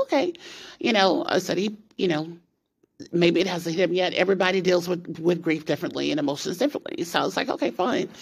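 A woman's voice: lowish voice, creaky. A woman in her thirties hosting a podcast, telling a personal story in a rambling, emphatic way with lots of restarts and repeated words. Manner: emphatic, rising into outraged questions. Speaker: podcast host.

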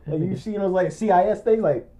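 A man's voice: sits high, a little fast, dark tone. A young man telling a long, rambling story in casual chat, often breaking into laughter. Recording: muffled lo-fi recording.

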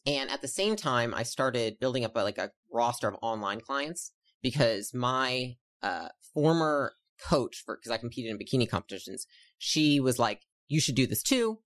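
A young woman, an entrepreneur guest, chatting casually and telling her story in quick, rambling sentences full of fillers. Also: a bass voice, lively intonation. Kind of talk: casual interview chat.

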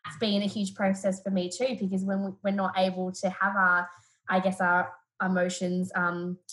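A woman's voice: mid-range voice, normal speed, rough recording. Woman, Australian accent, therapist, podcast guest, reflective, storytelling. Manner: reflective, animated when retelling stories. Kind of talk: podcast interview.

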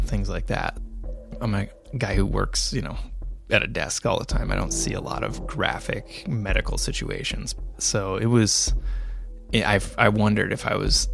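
Interviewee, male, low gravelly voice, telling his story haltingly. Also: fairly bright tone. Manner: halting, many restarts and fillers. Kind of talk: reflective storytelling.

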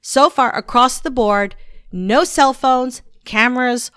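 A woman's voice: high voice, slow, fairly bright tone, clean tone, no room sound, studio quality. A woman co-hosting a podcast in casual chat, explaining rules steadily and teasing her co-host.

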